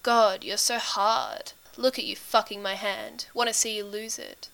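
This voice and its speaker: A woman reading a low, drawling young man. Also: steady tone, normal speed, sharp tone, smooth, natural voice. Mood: murmuring. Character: young man, low-voiced, teasing and affectionate.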